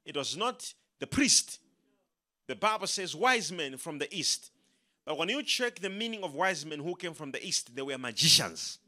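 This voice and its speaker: A man preaching a sermon, emphatic and animated, leading the congregation in call-and-response. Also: fairly high pitch, normal speed. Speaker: pastor.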